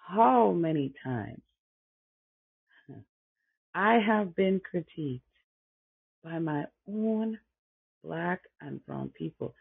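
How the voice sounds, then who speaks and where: A woman's voice: on the low side, vocal fry, breathy edge, no room sound. A woman podcast host giving passionate, preachy commentary on a historic speech, talking straight to her listeners. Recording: tinny phone-like dry recording.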